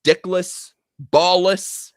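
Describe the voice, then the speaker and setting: A man's voice: high voice, flat delivery, drawn-out words, clean tone, no echo, clean studio sound. A man joining a live stream as a guest, joking and laughing a lot in casual chat.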